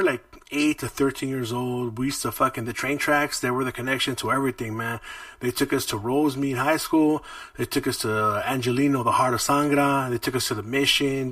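A man's voice: medium pitch, fairly bright tone, dry recording. A man, hosting a podcast and telling rambling, profane stories from his childhood. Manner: profane, rambling, laid-back. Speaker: podcast host. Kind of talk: casual storytelling monologue. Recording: dry, distant mic.

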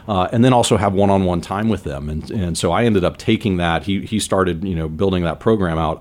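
Man, 40s, from San Diego, very deep voice, earnest rambling interview guest. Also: darkish tone. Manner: earnest, rambling with many "you know" fillers. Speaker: business leader guest. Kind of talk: conversational interview storytelling.

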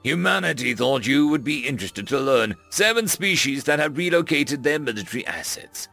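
A man playing a barking, gruff human leader. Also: mid-range voice, big pitch swings, normal speed, sharp tone, soft background music, heavily acted. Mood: stern. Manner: barking, commanding. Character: gruff male human leader, middle-aged, hot-tempered.

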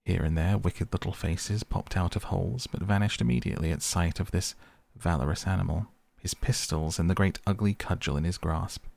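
Deep, gravelly male storyteller. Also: brisk, few pauses, a little mellow, dry recording. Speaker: narrator. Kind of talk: storybook reading.

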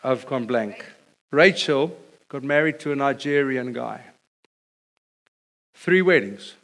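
A middle-aged man preaching a sermon, telling stories with animated delivery and building to a repeated refrain. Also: mid-range voice, a little slow, gravelly. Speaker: pastor.

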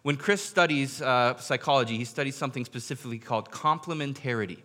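A man preaching a sermon, telling a story with a bright, forceful voice. He sinks to a hush when he voices what people said and slows down to land a point. His pitch sits in the middle for a man. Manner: drops quiet for quoted speech, slows for emphasis.

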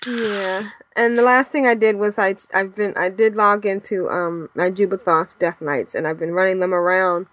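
A woman's voice: mid-range voice, steady tone, normal speed, few pauses, fairly bright tone, slight background noise. A woman co-hosting a podcast, chatting casually and rambling with fillers and laughs. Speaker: podcast co-host. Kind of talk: casual chat.

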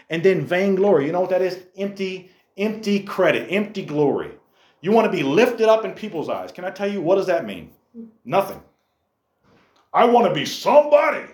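A man preaching a sermon as a youth pastor, animated, firing rhetorical questions at a youth group. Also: fairly high pitch, echoey room.

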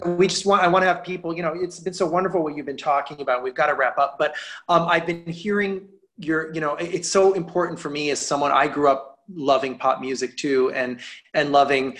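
A man's voice: a little high, fairly even intonation, fairly quick, a bit bright. A man hosting an interview, enthusiastic and rambling through his questions. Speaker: host.

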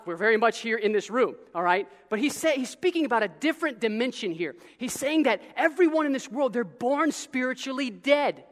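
A pastor preaches to his congregation, animated and conversational, often breaking off to restart a sentence or throw in a casual aside. His voice carries the long, ringing reverb of a large church hall. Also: extremely high pitch, fast. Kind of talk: sermon. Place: church sanctuary.

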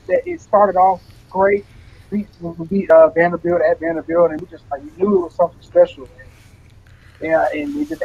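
A young man and former college football player, telling stories as an interview guest in a relaxed way, often laughing and repeating words. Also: high-pitched, slightly rough, dull audio. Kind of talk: casual interview.

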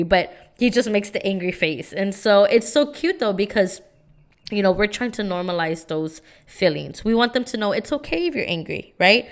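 A woman's voice: mid-range voice, moderate pace. A young woman hosting a podcast, talking earnestly and casually about parenting and often adding "right?" to her points. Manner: earnest, keeps asking "right?". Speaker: podcast host. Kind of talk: casual motivational talk.

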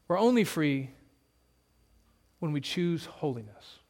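Male pastor, higher voice, earnest sermon delivery with emphatic hushed drops. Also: animated, moderate pace. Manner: earnest, emphatic preaching with sudden drops to a low hush. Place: church.

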